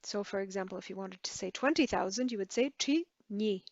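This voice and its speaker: A woman's voice: medium pitch, brisk, gravelly, no room sound, dull audio. A woman teaching a language lesson, patiently repeating words and correcting herself as she writes. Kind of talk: slow lesson, writing while explaining.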